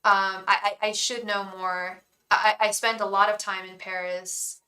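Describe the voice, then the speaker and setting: Heard with a roomy sound, an English woman runs a casual live tarot stream, gushing at her viewers, greeting them by name, and breaking off to restart sentences. She speaks unhurriedly in a medium-pitched, sharp-toned voice with little pitch movement.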